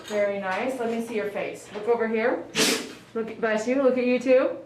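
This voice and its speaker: A woman's voice: a little high, normal speed, noisy background. A woman grooming a dog on a live stream, cooing and praising it in baby talk, recorded in a grooming salon. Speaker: dog groomer and channel host. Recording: echoey room, mic some distance away.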